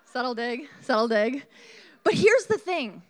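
A woman preaching a sermon, telling a personal story in an animated way and asking the congregation questions. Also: high voice, a little slow.

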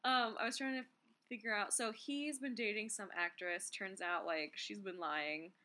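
Young woman, very bright voice, casual movie plot chat, laughs a lot. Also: mid-range voice, moderate pace. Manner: laughs often, explains plot in a relaxed way.

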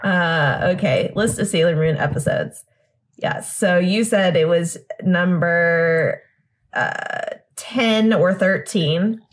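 A woman's voice: fairly low pitch, slow. A young woman hosting a podcast in casual chat, chatty and laughing, saying "like" a lot. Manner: chatty and laughing, often says "like". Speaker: podcast host.

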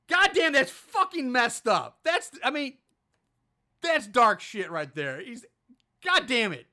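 Animated, profane podcast host. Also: mid-range voice, slow pace. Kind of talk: casual film recap.

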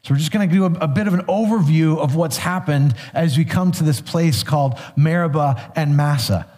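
A man's voice: fairly high pitch, a little fast, a little mellow. Man preaching in a reverberant hall. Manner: conversational retelling of scripture with small restarts. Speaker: pastor. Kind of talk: sermon.

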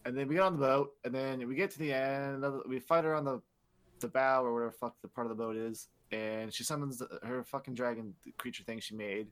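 A man's voice: medium pitch, fast. A young man chatting casually on a podcast, swearing freely and acting out characters as he retells a story. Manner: profane, animated retelling with mock voices. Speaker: podcast co-host. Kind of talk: casual chat.

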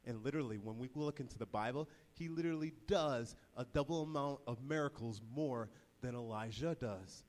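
A man preaching a sermon, retelling the story in a casual, energetic voice full of slang. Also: mid-range voice, a little fast, big-room sound.

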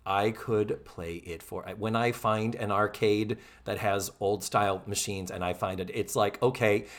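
A man co-hosting a casual podcast, recapping a sitcom episode with animated delivery and free swearing. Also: on the low side, measured pace. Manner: animated, swears freely, acts out quoted lines. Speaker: podcast co-host.

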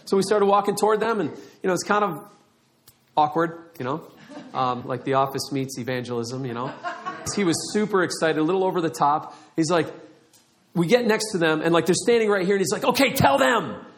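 Middle-aged male pastor, animated storyteller, somewhat high voice. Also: a little fast. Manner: animated storytelling with acted-out quotes. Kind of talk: sermon.

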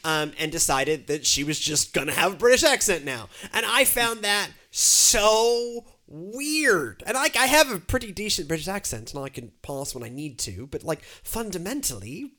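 A woman from Texas, a pastor co-hosting a podcast, talking in a chatty, animated way with many fillers and restarts. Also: fairly low pitch, normal speed, hardly any pauses. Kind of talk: casual chat.

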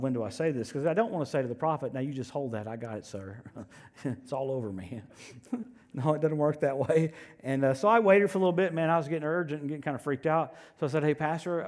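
Animated male preacher telling stories. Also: on the high side. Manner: animated, swings from loud to hushed asides. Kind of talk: sermon with storytelling.

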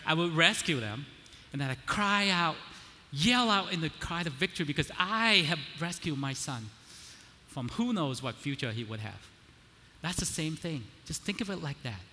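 A male preacher with a bright, forceful, slightly high voice delivers a conversational sermon, often checking in with his listeners. He builds up to emphatic declarations, and his voice rings with a long reverb in a large hall. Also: expressive, normal speed.

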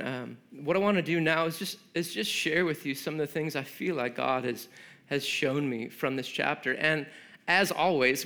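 Pastor, male, talks earnestly and conversationally, voice on the high side. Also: vocal fry, fairly bright tone. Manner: earnest, conversational with fillers and restarts. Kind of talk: sermon.

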